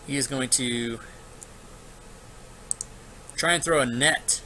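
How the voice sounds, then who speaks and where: A man narrates monster moves as dungeon master in a casual, thinking-aloud way. His voice is bright and forward. Faint noise sits under the recording. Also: medium pitch, slow, low-quality recording. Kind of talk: narrating a tabletop game online.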